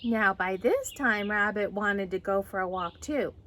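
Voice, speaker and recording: A woman reading a children's story aloud in a gentle, expressive way. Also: mid-range voice, a little slow, slight background noise. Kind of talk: children's read-aloud narration.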